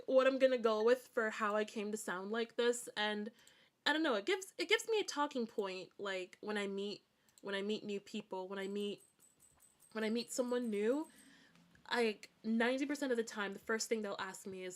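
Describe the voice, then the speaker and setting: A woman streams a game, chatting casually at normal speed in a slightly high voice with lively intonation. She rambles, restarts and corrects herself often, and giggles, and her hard-to-place accent blends formal and informal words.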